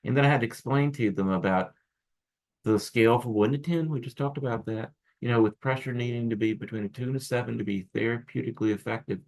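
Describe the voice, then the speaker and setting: This recorded lecture features a male acupuncture teacher speaking quickly in a medium-pitched, slightly mellow voice. He talks to his students in a loose, rambling way, often starting over and drifting into asides.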